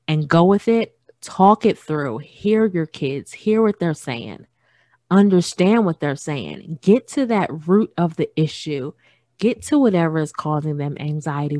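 Speaking into a studio microphone, this podcast host, a woman in her thirties, discusses parenting earnestly on her solo show and repeats phrases for emphasis. Her voice is fairly low and dark in tone, captured dry at studio quality.

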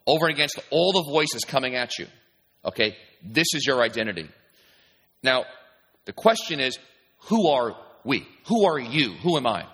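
Bright-voiced male pastor in a reverberant church. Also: medium pitch, big pitch swings, normal speed, breathy edge. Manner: conversational preaching with frequent "you know" and restarts. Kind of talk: sermon. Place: church sanctuary. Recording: long reverb from a church hall.

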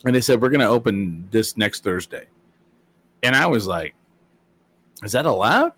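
Rambling man, fairly low voice. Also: lively intonation, moderate pace, a bit bright, breathy edge. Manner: rambling storyteller with many fillers and quoted voices. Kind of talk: casual chat.

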